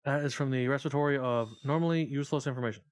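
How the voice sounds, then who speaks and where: A man's voice: medium pitch, very fast. A man live-streaming a video game, chatting casually with viewers in a profane, rambling, joking way.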